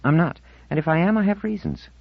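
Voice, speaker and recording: A man's voice: sits high, quick pace, creaky, breathy edge, dry recording, voice pushed up, exaggerated voice. A man voicing an earnest, defensive fifteen-year-old girl in an audiobook, insistent and pleading. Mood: frustrated. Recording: dull lo-fi audiobook recording.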